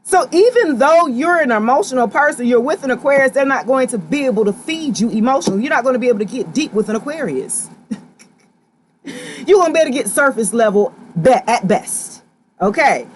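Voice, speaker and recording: A woman's voice: high voice, expressive, a little fast, slight background noise. A woman giving a live tarot reading to her viewers, talking straight at them in a sassy, slangy, direct way. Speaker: tarot reader.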